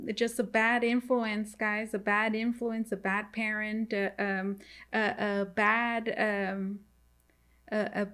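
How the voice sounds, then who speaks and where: A woman giving a casual tarot reading to viewers, halting and repetitive, often turning to address them directly. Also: medium pitch, a bit bright. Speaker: tarot reader.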